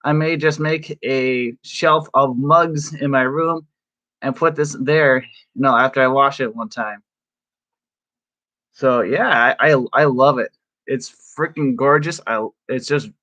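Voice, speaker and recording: A man chatting casually on a live stream from his room, excitable and chatty, laughing often. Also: medium pitch, takes it slowly. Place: home room.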